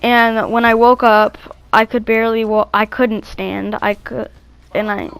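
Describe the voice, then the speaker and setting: A woman's voice: fairly high pitch, level tone, a little slow, fairly bright tone, clean tone, low-quality recording. Rambling young woman telling a story. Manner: rambling, many restarts and fillers. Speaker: vlogger. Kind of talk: casual storytelling.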